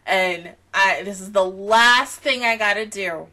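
A woman's voice: medium pitch, measured pace, sharp tone. A tired, sleepy young woman hosting an anime reaction vlog, rambling casually with frequent laughs and slang. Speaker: anime reaction channel host.

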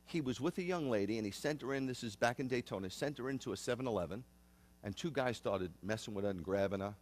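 A man's voice: medium pitch, animated, fast. Earnest rabbi in his fifties. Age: 50s. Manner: earnest, repeats and restarts phrases. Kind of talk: conversational sermon.

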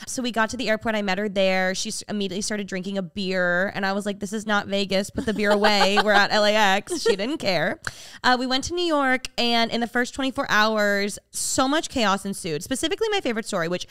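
A young woman co-hosts a podcast, chatting casually as she tells a story and acts out the quotes with big jumps in pitch. She speaks a little fast, and her voice is clear and resonant. The recording is dry and has a clean studio sound.

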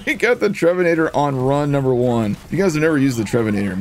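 A man giving casual, jokey commentary over his own gameplay, laughing often and getting excitable. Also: on the high side, fast talker, few pauses. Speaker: gaming streamer.

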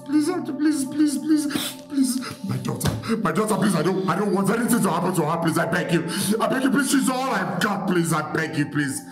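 A man's voice: high voice, expressive, quick pace, few pauses. A desperate begging father. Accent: Nigerian. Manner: pleading, begging repeatedly. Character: desperate remorseful father, begging for his daughter. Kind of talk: Nollywood film acting. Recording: echoey room with music score.

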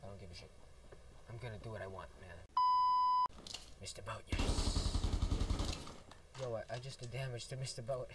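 A man's voice: medium pitch, fast. A young man casually commenting on his own game as he plays, goofy and swearing a lot, talking to himself in bursts. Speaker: gameplay video host. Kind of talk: solo let's play commentary. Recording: distant mic, loud background noise.

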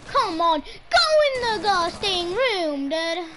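A woman streaming her gameplay, giving excitable live commentary and teasing her teammates in mock outrage. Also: very high-pitched, takes it slowly, heavy background noise. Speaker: gamer streaming her play.

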